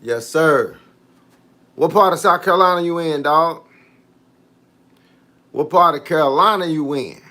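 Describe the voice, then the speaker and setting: A fitness coach on a casual livestream speaks a little slowly, with long pauses, in a high-leaning voice that sounds pushed and bright. He's laid-back, says "hey, look" often, and reads out viewer comments to reply to them.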